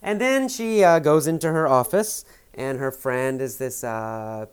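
A man teaches English by retelling a film scene for learners. He keeps rephrasing each point in simpler words, pausing on hesitant fillers. His voice sits at an ordinary middle pitch. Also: clean tone.

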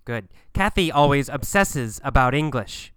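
A man teaching an English pronunciation lesson, asking and answering his own questions deliberately. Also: mid-range voice, animated, fairly bright tone, clean tone, dry recording, clean studio sound. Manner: slow, deliberate, repetitive questioning.

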